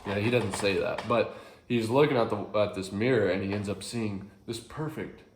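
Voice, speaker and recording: A man's voice: lowish voice, moderate pace, reverberant. A man casually explaining a classic play in a rambling, chuckling way, often correcting himself. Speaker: video host explaining a play.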